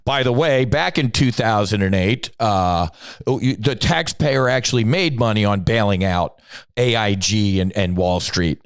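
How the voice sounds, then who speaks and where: A man's voice: fairly low pitch, measured pace, smooth, no room sound, studio quality. Blunt, profane man ranting. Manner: blunt, profane and combative, with sudden emphatic bursts. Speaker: podcast host. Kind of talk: opinionated podcast rant.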